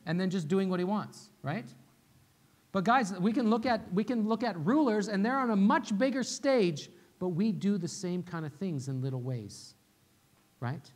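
A man's voice: high voice, normal speed, darkish tone. A man who is a pastor, preaching a sermon in a conversational way, repeating key phrases and often checking in with "right?". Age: young adult to middle-aged, father of a little one. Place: church sanctuary.

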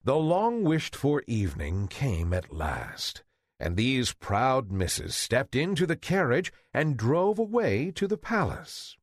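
A man reads a fairy tale aloud at a very slow, deliberate pace for English learners. His voice is husky and swings widely in pitch as he tells the story. The sound is dry and close to the mic. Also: dry recording. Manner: slow, deliberate, very expressive reading. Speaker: reader.

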